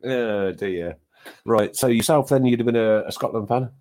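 A man's voice: medium pitch, moderate pace, a little mellow. A man hosting a casual radio chat, who reads out listener messages and laughs often. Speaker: radio show host. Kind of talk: casual banter.

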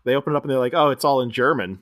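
A man co-hosting a casual movie chat, retelling scenes and jumping into squeaky impressions of the characters, often laughing. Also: rapid-fire, fairly bright tone. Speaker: podcast co-host.

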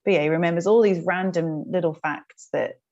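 Gravelly low-voiced English woman. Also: a little fast, highs cut off. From England. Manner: chatty and warm, with fillers like "you know" and "like". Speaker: podcast guest, mother of two young boys. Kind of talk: casual conversation.

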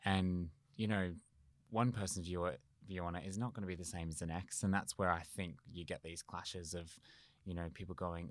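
A man, a medium, calmly and reflectively answering in an interview. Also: low-pitched, moderate pace, no echo, studio quality. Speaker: medium, guest.

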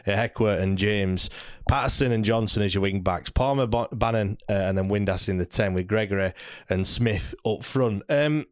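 A man's voice: lowish voice, moderate pace, few pauses, dry recording, studio quality. A man hosting a football podcast, leading the casual chat and swearing freely. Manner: leads the talk, lively and swearing. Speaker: podcast host.

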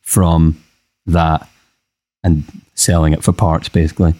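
Young male musician guest, very low voice, rambling with ums, dry close sound. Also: flat delivery, a little slow, warm tone, dry recording. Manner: rambling, hesitant, with many fillers. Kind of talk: casual chat.

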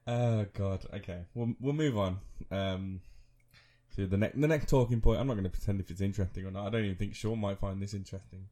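A man in his thirties co-hosting a casual podcast. His voice sits a little low, and he rambles and restarts, laughing at himself as he tells a story. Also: moderate pace, mellow. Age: 30s. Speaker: podcast co-host. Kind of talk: casual chat.

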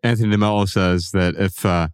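A man with a lowish voice muses aloud as a podcast co-host, pausing and restarting his thoughts with fillers. His voice sounds dry and close, with no room echo. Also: steady tone, smooth. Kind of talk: casual podcast conversation.

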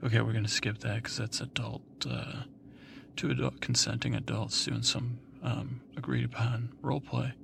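A man's voice: medium pitch, level tone, normal speed, vocal fry, noisy background. A man telling an improvised comic bedtime story, rambling and hesitant with many fillers.

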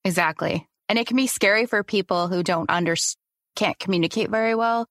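A woman's voice: medium pitch, a little fast, fairly bright tone, no echo, studio quality. A woman who is a coaching client, speaking openly and self-reflectively, often laughing. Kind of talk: casual chat.

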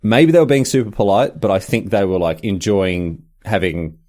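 A male podcast co-host with a fairly low voice talks at normal speed in casual chat. He's an animated storyteller who laughs often and acts out quotes.

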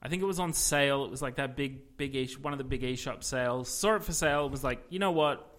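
A man co-hosting a casual podcast, telling rambling, animated stories with plenty of fillers. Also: mid-range voice, fast talker. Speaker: podcast co-host. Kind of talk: casual chat about video games.

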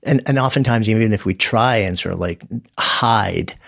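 A man's voice: fairly low pitch, moderate pace, gravelly, a bit bright, no room sound, clean studio sound. A man interviewing a guest in a casual, chatty way, full of fillers. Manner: casual, filler-heavy with repeated "like".

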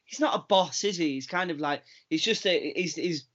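A man's voice: a little high, moderate pace, a loud crowd. Earnest man co-hosting over a lo-fi line. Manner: earnest, stammering restarts. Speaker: podcast co-host. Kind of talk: casual chat. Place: indoors, sitting on his bed.

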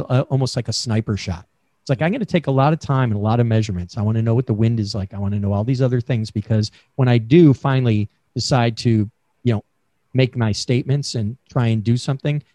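A man's voice: mid-range voice, warm tone, no room sound, studio quality. A man being interviewed about selling, talking in a chatty coaching way with many fillers over a remote call mic. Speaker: sales expert guest.

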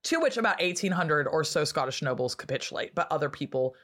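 Animated woman telling history irreverently. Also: deep voice, fast talker. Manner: animated, irreverent storytelling with lots of fillers. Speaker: guest historian. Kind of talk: casual podcast chat.

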